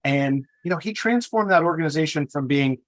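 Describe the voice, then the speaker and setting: A man hosts a podcast, reflecting conversationally on what past guests taught him. His voice sits a little higher than most men's. The sound is dry and close, with no room echo. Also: expressive, a little fast. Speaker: podcast host. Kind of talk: conversational interview talk.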